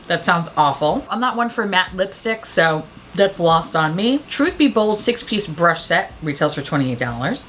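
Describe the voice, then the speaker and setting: Casual woman vlogger, lively swoops in pitch, profane and rambling, quick to laugh. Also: slight background noise. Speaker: makeup vlogger. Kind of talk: casual makeup chat.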